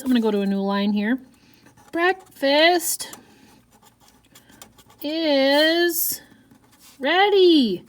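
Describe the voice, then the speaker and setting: A woman teacher giving a writing lesson, reading example sentences aloud and talking through her writing step by step. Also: on the high side. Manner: reads quoted lines in a lifted voice.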